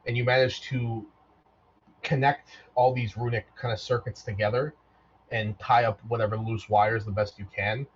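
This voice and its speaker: A man narrating as the game master of a tabletop game, relaxed and loose, often repeating words as he goes. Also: medium pitch, normal speed, a little hiss or hum. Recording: dull lo-fi mic.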